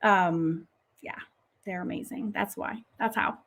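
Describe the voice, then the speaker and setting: Laughing often, a middle-aged woman chats warmly and casually with viewers while reading their comments during her online art class stream. She speaks in a mid-range, slightly bright voice at a measured pace.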